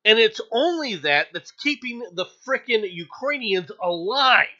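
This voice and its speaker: A man's voice: sits high, lively intonation, unhurried, bright, forceful tone. A man hosting an opinionated news commentary, ranting angrily with profanity and frequent stammered restarts. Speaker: show host. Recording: dull lo-fi audio.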